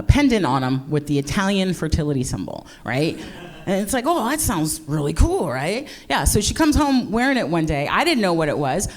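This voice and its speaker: Brash, profane middle-aged woman comic. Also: deep voice. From United States. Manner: brash, profane, self-mocking, playing to the crowd. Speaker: stand-up comedian. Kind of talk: live stand-up comedy.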